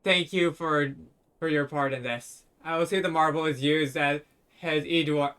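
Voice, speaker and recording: A man reading out a weary adult church brother in a fantasy game, formal and measured. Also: fairly high pitch, steady tone, fairly bright tone, clear, resonant tone, lightly acted.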